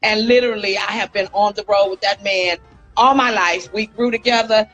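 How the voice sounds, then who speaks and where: A woman in her fifties from Inglewood, California, an animated hairstylist telling stories in a casual interview and often calling the listener "girl". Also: mid-range voice, normal speed, faint music behind, rough recording. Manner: animated, acts out quotes, says "girl" often. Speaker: celebrity hairstylist and guest.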